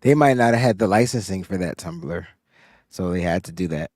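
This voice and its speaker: A man's voice: low-pitched, fairly quick, darkish tone, dry recording, clean studio sound. A man co-hosting a podcast, laid-back and matter-of-fact in casual chat. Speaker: podcast co-host.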